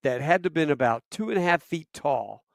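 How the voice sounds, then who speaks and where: A man in his fifties, a podcast guest telling a casual story, profane, with loud bursts and quiet asides. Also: fairly high pitch, animated, moderate pace, vocal fry, no room sound, clean studio sound.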